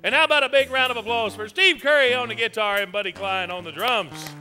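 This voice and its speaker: A man hosting a comedy show, teasing audience members in a loud, folksy way. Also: very high-pitched, quick pace, faint music behind. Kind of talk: audience participation stand-up. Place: theater stage with live audience. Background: audience laughter.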